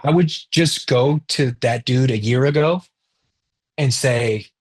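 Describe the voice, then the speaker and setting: A man in his thirties, the guest in an interview, spins an anecdote in a loose, casual way and swears freely. His voice has a husky, slightly rough grain, at an ordinary pitch for a man. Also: measured pace. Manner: animated storyteller acting out quoted dialogue, swears freely. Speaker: interview guest, rapper and director.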